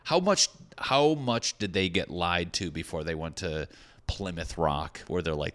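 A man's voice: sits low, expressive, measured pace, fairly bright tone. A young adult man, a stand-up comedian, rambling through a profane, jokey casual monologue to his viewers.

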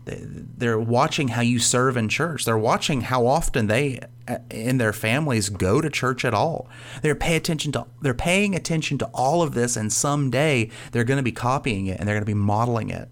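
A man's voice: medium pitch, normal speed. A young man speaking at church, delivering a conversational sermon full of casual stories and fillers, earnestly repeating his key points. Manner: casual storytelling with frequent fillers.

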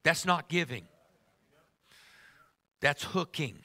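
A man's voice: a little high, lively intonation, slow, sharp tone. A middle-aged man preaching a sermon to a congregation, emphatic and humorous, teasing his listeners.

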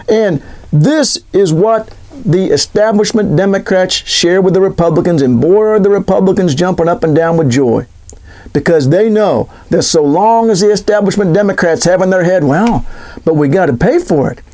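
Brief: male political commentator, high voice, sarcastic and animated. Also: moderate pace. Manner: sarcastic, animated, rhetorical questions.

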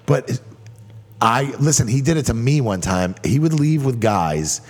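A man's voice: medium pitch, expressive, measured pace, long reverb tail. A man telling a rambling, profane story in a casual chat, with lots of restarts. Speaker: podcast co-host telling a bar story.

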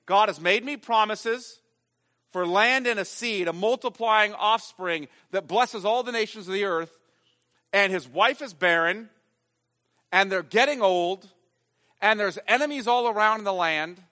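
Bright emphatic preacher man in a hall. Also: high voice, animated, unhurried. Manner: emphatic, swings from loud stresses to hushed lines. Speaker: pastor. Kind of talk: sermon.

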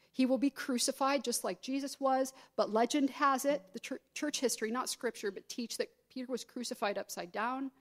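A middle-aged woman pastor preaching a sermon, acting out quoted voices with sudden jumps in pitch.

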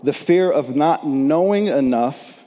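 A man preaching a sermon in an unhurried, deliberate way, his voice mellow and dark but set a little high. He leans hard on key words and slips into casual, slangy voices for the people in his story. Long reverb trails behind him, as in a big hall. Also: lively intonation. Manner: emphatic, acts out quoted voices in slangy talk.

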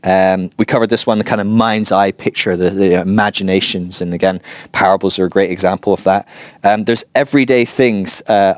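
A man giving an informal church teaching, chatty and animated, acting out voices in his stories. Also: on the low side, no room sound. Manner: chatty, animated, acts out quotes.

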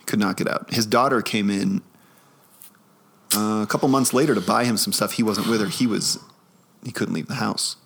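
A man's voice: lowish voice, normal speed, long pauses, a bit bright, breathy edge. A man in his forties co-hosting a podcast, telling rambling, easygoing stories full of fillers. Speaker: podcast co-host. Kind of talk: casual chat.

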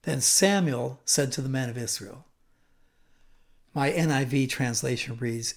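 A male preacher retells a story during a sermon in an animated way. He adds humorous asides and lets his delivery swing between hushed and emphatic. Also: mid-range voice, a little slow, vocal fry.

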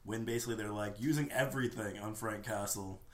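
A man's voice: on the low side, fairly even intonation, fairly quick, crowd noise. A man co-hosting a casual movie podcast, bantering and laughing with casual swearing. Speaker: podcast co-host.

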